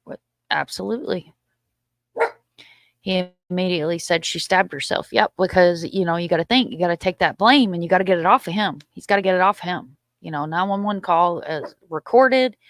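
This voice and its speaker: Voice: mid-range voice, animated, normal speed, vocal fry, a bit bright, dry recording, studio quality. A livestream host chatting casually with viewers, reading out and answering their comments, often agreeing with short repeated words and giving blunt opinions. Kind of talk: casual live chat reacting to viewer comments.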